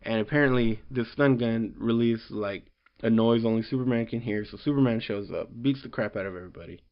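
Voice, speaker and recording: Male vlogger, casual rambling recap voice, filler-heavy, average pitch, lo-fi muffled audio. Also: a little fast. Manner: rambling, filler-heavy, quotes characters loosely. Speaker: comic book reviewer.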